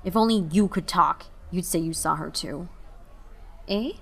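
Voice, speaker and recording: A woman's voice: on the low side, moderate pace, vocal fry. Young woman reading a story with feeling. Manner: emotive, shifts between hushed and raised. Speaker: narrator. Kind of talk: dramatic reading of a short story.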